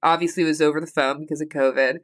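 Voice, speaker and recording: Woman, 30s, American accent, solo podcast host; slightly low voice, candid, rambling, teary with a stuffy nose. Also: fairly even intonation, racing. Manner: candid, rambling, swears casually. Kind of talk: personal solo podcast chat.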